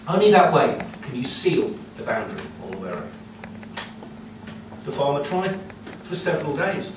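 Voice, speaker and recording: A man telling a folk tale live at a storytelling cafe, lively and conversational with asides to the audience. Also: fairly high pitch, a little slow, long pauses, distant mic. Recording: echoey room heard from afar with noise.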